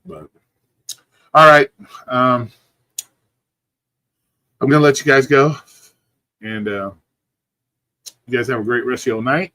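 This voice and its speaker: A laid-back man rambles through casual stream chat, cursing freely and sounding sleepy. His voice sits at an ordinary pitch and comes across dry and close, with no room sound around it. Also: fairly even intonation, slow, pauses often, sharp tone, no room sound. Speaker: livestream host. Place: at home.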